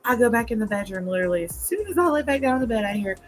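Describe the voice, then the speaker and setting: A woman co-hosting a casual chat show, telling a family story with animated, shouted quotes. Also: on the high side, very fast, faint music behind, low-quality recording. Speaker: podcast co-host.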